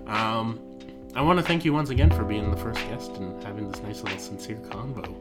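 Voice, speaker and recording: A man's voice: fairly low pitch, brisk, over loud music. A man hosting a podcast in casual chat, playful and laughing often as he rambles, his voice getting tired. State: voice tiring. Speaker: podcast host.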